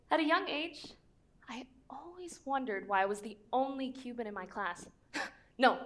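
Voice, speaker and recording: A young woman from Connecticut performs an autobiographical comic monologue on stage. Her voice sits high and bounces around, jumping up for punchlines and dropping low for asides. She talks to the audience in a playful, jokey way. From Stamford, Connecticut, US. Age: young adult. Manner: animated, jokey, big swings in pitch and loudness.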